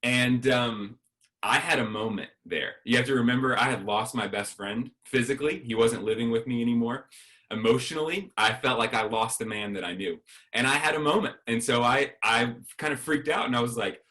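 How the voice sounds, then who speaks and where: A man's voice: medium pitch, normal speed, pushed and bright. A man giving a sermon as a guest speaker, telling a personal story and acting out the dialogue.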